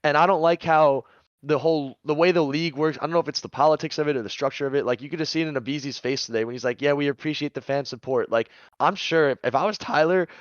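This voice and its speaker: A man rattling off heated, profane opinions at speed in casual podcast chat. His voice is smooth and clear, recorded dry on a dull, lo-fi mic. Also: a little high, dry recording. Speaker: podcast co-host, esports pundit.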